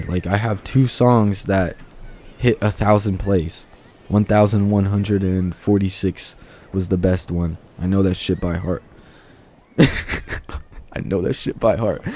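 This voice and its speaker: An actor playing a laid-back young amateur musician, telling a rambling, slangy, off-script story to the camera. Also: male voice, on the low side, dark tone, close to an everyday voice. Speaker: aspiring musician.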